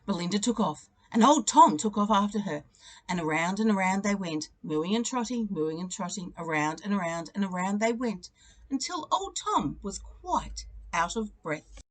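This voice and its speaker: A teacher reading a children's picture book aloud, telling the story expressively and leaning into its repeated refrains. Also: female voice, mid-range voice, expressive, moderate pace, fairly bright tone.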